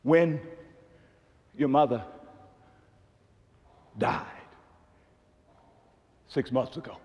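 A middle-aged man preaching a sermon in a large church hall, swinging between shouts and near-whispers. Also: medium pitch, drawn-out words, lo-fi sound. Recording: long hall reverb.

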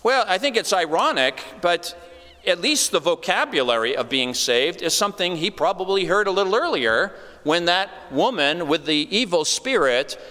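A man's voice: sits high, sing-song, moderate pace, sharp tone. A man preaching an expository sermon in a conversational way, with wry asides. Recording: long reverb of a large hall.

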